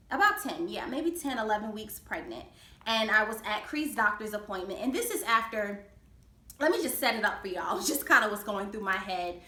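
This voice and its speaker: A woman's voice: mid-range voice, sharp tone, echoey room. Earnest woman sharing her story. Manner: earnest, faith-filled storytelling with frequent fillers. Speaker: vlogger. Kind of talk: personal storytime.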